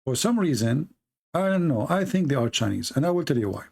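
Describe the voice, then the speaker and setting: A man's voice: a little high, big pitch swings, a little fast, gravelly, darkish tone. A man hosting an online show, speaking in casual, mocking commentary. He rambles with restarts and grammar slips, laughing at his own jokes. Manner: rambling with frequent restarts and fillers; non-native English with grammar slips.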